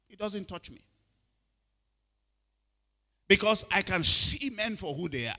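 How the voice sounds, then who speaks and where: A man's voice: high voice, expressive, measured pace, long pauses, bright, forceful tone. A middle-aged man preaching a sermon, often asking if listeners are following and repeating his words. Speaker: pastor.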